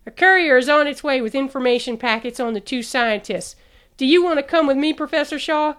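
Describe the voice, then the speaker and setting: A woman's voice: high-pitched, brisk, fairly bright tone, voice pushed up. A woman voicing a hasty, eager young male army corporal.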